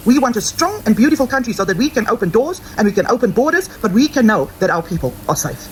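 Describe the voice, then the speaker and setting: A woman's voice: fairly high pitch, very animated, fast, noisy background. A South African woman with a South African accent giving an impassioned monologue, asking rhetorical questions and repeating phrases for emphasis. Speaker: commentator.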